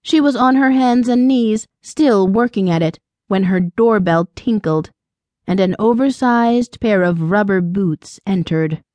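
A woman narrating an audiobook in an even, measured storytelling voice. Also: medium pitch, no echo.

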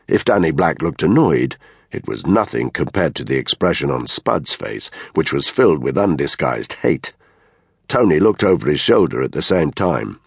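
Guy reading a thriller, rough gravelly voice, very lively delivery. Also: a bass voice, moderate pace, no echo. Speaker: audiobook narrator. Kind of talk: scripted narration. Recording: dry close studio mic.

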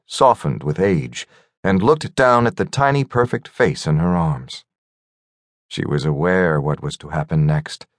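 A man narrating a fantasy audiobook in a measured, gentle storytelling manner. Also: low voice, dry recording, clean studio sound. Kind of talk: scripted narration.

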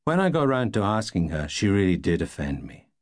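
A man reading a novel aloud in the first person, wry and deadpan. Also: low-pitched, fairly quick, no room sound, clean studio sound. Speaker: audiobook narrator.

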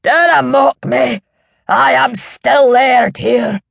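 A woman's voice: medium pitch, expressive, fairly bright tone, no room sound, clean studio sound, heavily acted. A woman narrator voicing a dying, bitter old Scottish laird with a reedy, rattling voice and a Scottish accent, in an audiobook. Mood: defiant. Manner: slow, gravelly, rising to strained outbursts. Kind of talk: audiobook character voice.

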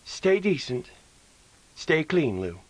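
A man voicing a calm, strong ranch mother in a western audiobook, speaking softly and steadily. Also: on the high side, slow, no echo, pitched above the performer's own voice, heavily acted, rough recording. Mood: gentle.

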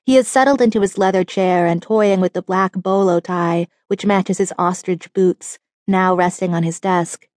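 A woman narrating a short story audiobook in an even, descriptive storytelling manner. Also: lowish voice, moderate pace, few pauses, dry recording, clean studio sound. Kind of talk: scripted narration.

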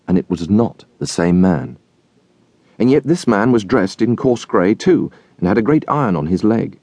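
A man reads a classic novel aloud with expressive storytelling. His voice is deep yet lively, rising and falling widely. The recording is close and dry. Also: husky, no echo. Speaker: audiobook narrator. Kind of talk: scripted narration of a classic novel.

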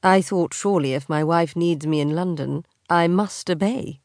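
A woman voicing a teasing, insolent young aristocratic husband in a slow, drawling, mocking manner. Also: fairly low pitch, darkish tone, dry recording, clean studio sound, natural voice.

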